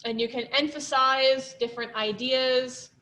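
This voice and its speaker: A young woman presents to her class in a loose, chatty way, with plenty of "um" and "like" along the way. Her voice sits a little high for a woman. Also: steady tone, measured pace, bright, forceful tone. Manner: chatty, lots of fillers and likes. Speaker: student presenter.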